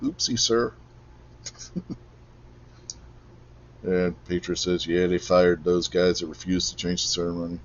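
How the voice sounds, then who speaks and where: A blunt host in his forties who speaks his mind and curses without a second thought. His voice sits a little low. The recording is dull and lo-fi, as if the top end has been shaved off. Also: completely flat delivery, normal speed, few pauses, a little hiss or hum. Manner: blunt, opinionated, swears freely. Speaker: podcast host. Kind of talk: casual political chat. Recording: dull lo-fi sound.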